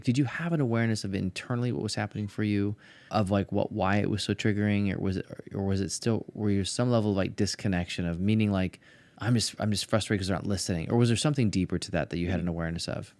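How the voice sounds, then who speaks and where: A middle-aged man with a fairly low voice hosts a podcast interview. He asks thoughtful, searching questions and keeps restarting his phrases. The sound is dry and close, with little room in it. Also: quick pace, a little mellow, no room sound. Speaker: podcast host.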